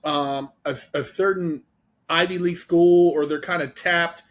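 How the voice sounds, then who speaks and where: High-voiced man asking halting questions. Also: fairly even intonation, a bit bright. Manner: quick, halting questions with restarts. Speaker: podcast host. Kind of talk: casual podcast conversation.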